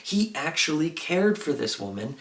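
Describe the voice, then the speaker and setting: Chatty excitable man in an echoey room. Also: on the high side, moderate pace, distant mic. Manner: chatty, excitable retelling with frequent "like" and acted-out quotes. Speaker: TV episode reviewer. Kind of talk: casual video review.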